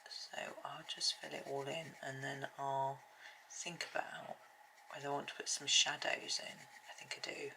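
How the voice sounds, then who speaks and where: A middle-aged woman with a low, gravelly voice that still has a bright edge. She rambles softly through a colouring tutorial and often sinks to a near whisper. Faint background hiss sits under the close mic. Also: little pitch movement, unhurried, poor audio. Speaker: colouring video host. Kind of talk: soft-spoken colouring tutorial chat.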